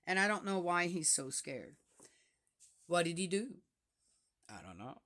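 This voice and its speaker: A woman's voice: on the low side, sing-song, unhurried, a bit bright. A woman reading psalms aloud and stopping to reflect on them in a hesitant, musing way, often checking in with the listener by asking "yes?". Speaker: scripture reader.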